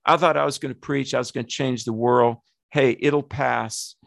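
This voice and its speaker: A man's voice: medium pitch, fairly even intonation, moderate pace, gravelly, a bit bright, no room sound, clean studio sound. A man voicing a heavyset middle-aged mailman who brushes things off in a jaded, dismissive way.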